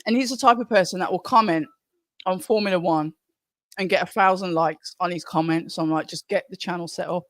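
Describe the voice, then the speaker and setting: A woman's voice: on the low side, brisk, no echo, studio quality. A middle-aged woman hosting a live stream, chatting casually and reading viewer comments aloud from home. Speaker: livestream host.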